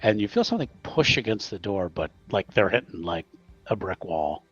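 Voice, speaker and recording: A man's voice: fairly low pitch, very animated, moderate pace, breathy edge, dry recording. Laid-back male game master, lo-fi sound. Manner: casual, filler-heavy narration. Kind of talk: narrating a tabletop game.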